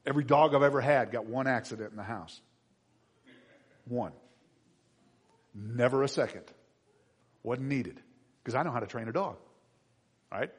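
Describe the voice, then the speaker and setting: A man preaching a sermon as pastor, animated, swinging between loud emphatic lines and quiet asides, acting out everyday voices as he goes. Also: medium pitch, normal speed, long pauses. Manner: acts out everyday voices in quotes. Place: church sanctuary. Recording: husky voice in a reverberant hall.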